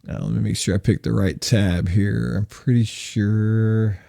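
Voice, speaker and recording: A man co-hosting a casual podcast. He speaks in a matter-of-fact, low-key way. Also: fairly even intonation, a little slow, gravelly, mellow, no echo, clean studio sound. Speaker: podcast co-host. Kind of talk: casual podcast chat over a call.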